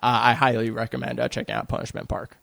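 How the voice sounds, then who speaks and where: A man, a podcast guest, chatting casually, halting with many filler words. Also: mid-range voice, completely flat delivery, gravelly, fairly bright tone, no echo, clean studio sound.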